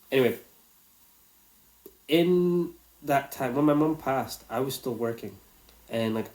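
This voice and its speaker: Man, mid-pitched voice, casual storytelling, swears freely, earnest. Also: darkish tone. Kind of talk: personal storytelling monologue.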